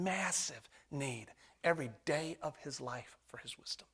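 A man preaching to his congregation with a bright, slightly high voice. He moves between near-whispers and loud, earnest pleas, often calling out to "folks". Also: a little slow, few pauses, breathy edge. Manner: swings from hushed whispers to loud emphatic preaching. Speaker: pastor. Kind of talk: sermon.

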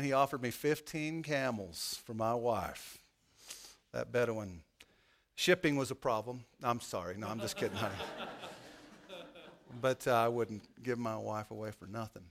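A male pastor preaching an impassioned sermon in a folksy way with joking asides, swinging from hushed lines to loud ones. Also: medium pitch, unhurried.

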